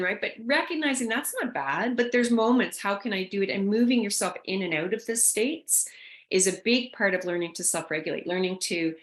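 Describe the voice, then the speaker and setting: A woman presenting a caregiver workshop, talking loosely with fillers and restarts. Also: mid-range voice. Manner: conversational, thinks aloud with fillers and restarts. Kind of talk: online workshop talk.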